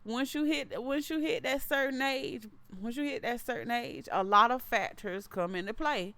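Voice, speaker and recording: A woman's voice: on the high side, moderate pace, a bit bright, dry recording. A woman in her thirties hosting a casual livestream, chatting loosely and reading viewer comments aloud, often repeating and restarting her phrases. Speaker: livestream host.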